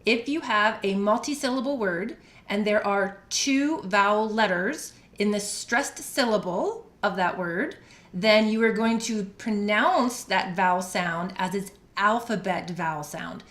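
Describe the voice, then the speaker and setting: Clear American woman teaching pronunciation. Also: mid-range voice, fairly bright tone. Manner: clear, deliberate, spells out letters. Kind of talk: scripted lesson. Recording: echoey room.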